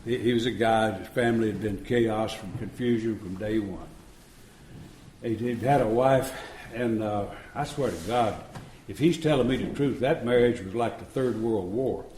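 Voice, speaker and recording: A man's voice: lowish voice, moderate pace, darkish tone, slight background noise. A man in his seventies telling his recovery story to a meeting room in a folksy, chuckling way, acting out the dialogue. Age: 70s. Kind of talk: storytelling talk to an audience. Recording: roomy live talk recording.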